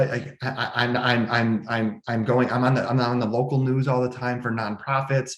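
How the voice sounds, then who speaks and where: In a reverberant room at home, this man speaks as a podcast guest in a mid-range, level voice at a normal pace, barely pausing. He tells a personal story with emotional restlessness, restarting often and quoting what people said.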